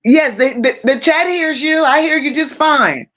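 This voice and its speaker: A woman with a Southern American accent, hosting a livestream and greeting her guest with warm endearments. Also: high-pitched, a little slow. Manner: warm and affectionate with callers, calls them beautiful and boo. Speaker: livestream host. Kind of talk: casual livestream chat.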